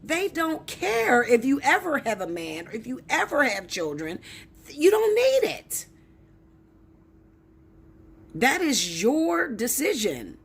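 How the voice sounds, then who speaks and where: A woman's voice: on the high side, sing-song, unhurried, hardly any pauses, a bit bright, breathy edge. A woman tarot reader ranting straight to her viewers, blunt, preachy and heavy with swearing. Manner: blunt, profane, emphatic, preachy. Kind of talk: ranting direct-to-camera monologue.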